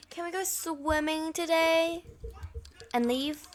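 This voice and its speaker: High-voiced woman playing a game dramatically. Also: steady tone, takes it slowly. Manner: dramatic and playful, swings between whispers and panicked screams. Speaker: gaming channel host. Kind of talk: Roblox let's-play commentary, role-playing in character.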